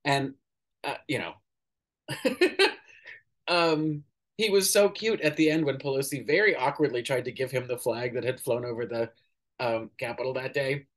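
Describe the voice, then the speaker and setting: A man giving casual, opinionated political commentary as a podcast host, pausing often with fillers and swearing now and then. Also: mid-range voice, fairly bright tone. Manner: opinionated, hesitant with many ums, swears casually.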